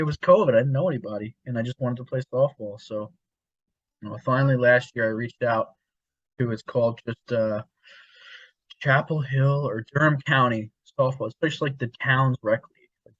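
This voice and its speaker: A young man co-hosting a podcast spins long, rambling stories, laughing often and swearing casually in relaxed chat. His voice is mid-range, and the recording is dry, dull, and lo-fi.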